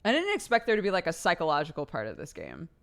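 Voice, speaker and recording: Female streamer, wry casual commentary, lowish and highly animated. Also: fast talker, gravelly. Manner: wry, joking asides. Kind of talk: casual let's-play commentary.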